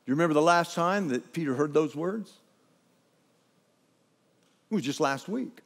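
A man preaching a sermon as pastor, retelling scripture with animated, dramatic storytelling that swings between hushed and loud. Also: a little high, normal speed, in a large hall.

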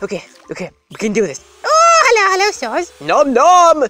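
A gaming host giving playful, rambling let's-play commentary that breaks into sudden excited shouts. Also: mid-range voice, normal speed, noisy background.

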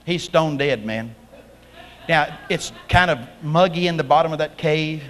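A man preaching a lively revival sermon, telling the story with big dramatic bursts of shouting. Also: on the high side, measured pace. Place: large packed church hall. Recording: live church hall with long reverb.

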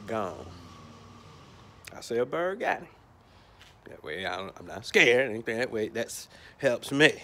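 A man from Georgia, telling a lively story outdoors about his lawn care work, often stumbling over repeated words. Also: mid-range voice, a little slow, pauses often, a little hiss or hum. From Atlanta, Georgia. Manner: animated, stumbling repeats, acts out bits. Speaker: lawn care worker filming a vlog. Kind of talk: casual storytelling. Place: outdoors by a carport.

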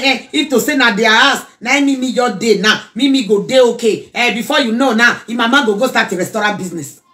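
A woman with a Nigerian accent delivers a heated, preachy reaction rant in Pidgin. Her voice sits high and bright. She mixes in another local language and breaks into song now and then.

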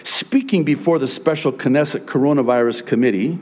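A male pastor preaching about prophecy from the pulpit, sarcastic and animated, mocking his critics in put-on voices. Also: mid-range voice, normal speed. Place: church sanctuary.

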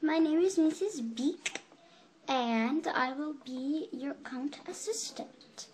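Child doing a fussy camp counselor pet, high voice, slow, calls everyone honey. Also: a little hiss or hum. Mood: bossy. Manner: fussy, calls campers honey, halting with ums. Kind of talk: toy role-play video.

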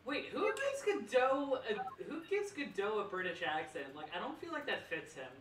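A woman chatting with a friend while gaming together on stream, blunt and excitable and prone to swearing. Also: a little high, moderate pace, background noise. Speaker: streamer co-player. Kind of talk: casual gaming chat. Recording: roomy, distant voice-chat sound.

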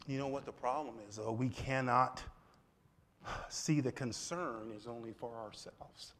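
A man preaching a sermon to his church in an animated way, with sudden loud exclamations and asides to the congregation. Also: medium pitch, unhurried. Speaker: pastor. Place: church sanctuary.

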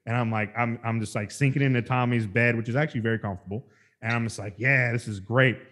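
A man's voice: medium pitch, steady tone, fast, fairly bright tone. A man hosting a podcast, telling a story in casual chat, rambling and profane, with many restarts. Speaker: podcast host.

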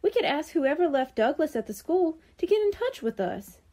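A woman putting on an eager young storybook boy full of ideas. His voice is high and mellow. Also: sing-song, normal speed.

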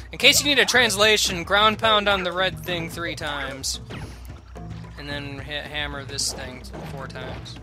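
A man's voice: on the high side, fairly even intonation, unhurried, over music. A man casually commentating a video game with sarcastic jokes and rambling asides. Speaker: let's play commentator.

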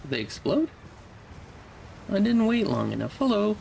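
A man's voice: high voice, big pitch swings, moderate pace, creaky, darkish tone, a little hiss or hum. A young man streaming a video game, casually commenting and playfully talking to the enemies on screen. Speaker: let's play streamer.

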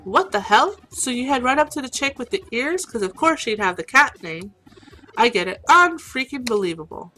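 A woman's voice: fairly high pitch, very animated, moderate pace, sharp tone, faint music behind, voice pushed up, poor audio. A woman voicing a prickly, rude woman at a bar, talking in a snappy, dismissive way. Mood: annoyed.

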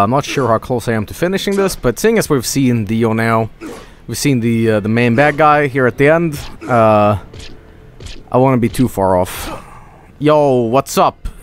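A man's voice: mid-range voice, animated, moderate pace, slight background noise. A man streaming a video game, talking casually with lots of swearing and rambling asides. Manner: rambling, swears a lot, breaks into laughter. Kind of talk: casual live-stream commentary.

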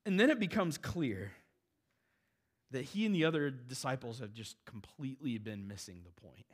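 This sermon comes from a pastor whose voice sits on the high side and moves at a normal speed. He's animated and conversational, dropping casual remarks to his congregation.

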